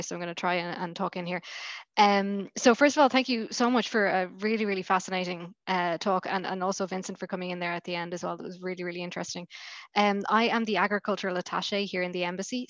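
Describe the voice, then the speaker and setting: A woman's voice: medium pitch, a bit bright, dry recording, muffled recording. A woman, an embassy attaché, asking a question on a video call politely, with many fillers. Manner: polite, rushed, many ums.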